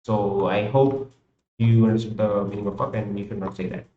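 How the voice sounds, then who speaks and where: A man's voice: on the low side, fairly even intonation, normal speed. A young man with an Indian English accent chatting loosely on a live stream, thinking aloud as he works, often repeating and restarting his sentences. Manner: rambling, repeats and restarts himself. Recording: roomy, slightly dull home recording.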